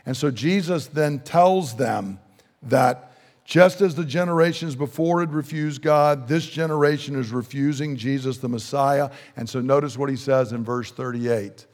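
A man's voice: mid-range voice, moderate pace, a little mellow. A man preaching a sermon in an emphatic way, often putting questions to his listeners. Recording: long hall reverb.

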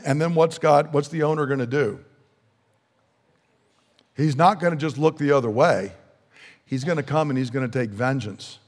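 Emphatic preacher man in a reverberant hall. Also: fairly high pitch. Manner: emphatic, asks the listeners questions. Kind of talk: sermon.

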